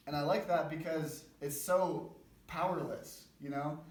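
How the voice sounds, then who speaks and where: A young man giving an informal, conversational sermon at a church men's breakfast, with a self-deprecating manner. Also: fairly high pitch. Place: church gathering room. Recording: roomy, distant mic, faint background noise.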